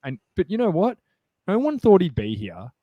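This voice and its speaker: A man co-hosting a sports podcast, chatting casually and getting excited, rambling with many fillers and restarts. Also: high-pitched, normal speed, no room sound, muffled recording. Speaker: podcast co-host.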